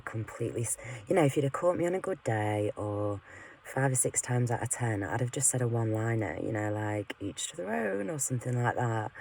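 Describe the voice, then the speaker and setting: A woman's voice: very deep voice, slight background noise. Sweary woman ranting. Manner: heated, frequent swearing, rambling with fillers; swings between loud outbursts and muttered asides. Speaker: vlogger. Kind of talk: unscripted personal rant to camera.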